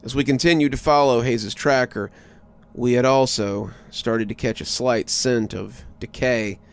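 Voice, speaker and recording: A man reading a horror story aloud in a low, hushed scripted narration. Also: fairly even intonation, unhurried, creaky, smooth.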